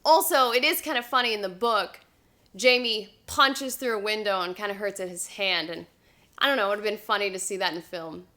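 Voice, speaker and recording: A woman's voice: mid-range voice, fairly quick, sharp tone. A woman hosting a vlog, chatting casually as she compares a book with its show and retells the plot with easygoing hedges. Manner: retells plot conversationally with hedging fillers.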